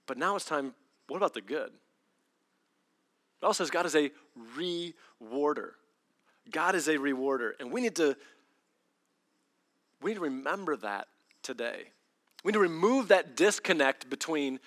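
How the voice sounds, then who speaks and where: Animated, bright-voiced male preacher. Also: on the high side, moderate pace, long pauses. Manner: animated storytelling, acts out voices with big swings. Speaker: pastor. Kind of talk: sermon.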